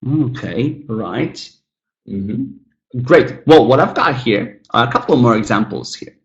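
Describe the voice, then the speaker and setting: A male English teacher leads an online class in a relaxed, chatty way. His voice sits at an ordinary middle pitch. He often addresses the students as "guys" and says example words slowly to model stress. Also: dull audio.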